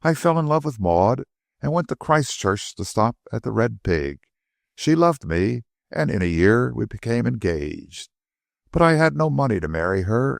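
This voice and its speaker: A man's voice: on the low side, gravelly, no room sound, studio quality. A man narrating an audiobook, voicing a nervous young swindler who pleads and denies everything. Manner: pleading, stammering denials.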